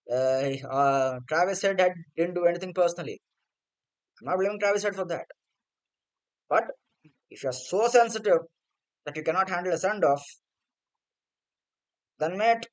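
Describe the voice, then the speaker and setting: Man, cricket vlogger, blunt and sarcastic rant, high-pitched and smooth. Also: low-quality recording. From India. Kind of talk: opinion rant to camera.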